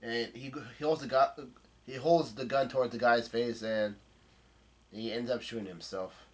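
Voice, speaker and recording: A man's voice: mid-range voice, fairly even intonation. Laid-back man recapping a comic chapter. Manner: halting, laid-back, salty language. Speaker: manga chapter reader.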